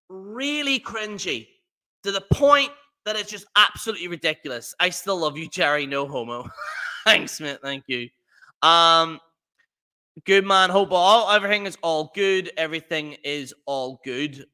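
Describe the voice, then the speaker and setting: This livestream host delivers an unhurried but profane, meandering, mocking rant. His high voice is expressive with a sharp edge.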